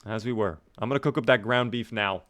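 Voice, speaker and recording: A man's voice: fairly low pitch, brisk, fairly bright tone. A man giving casual, jokey live-stream commentary over a game, chatting with and thanking his viewers.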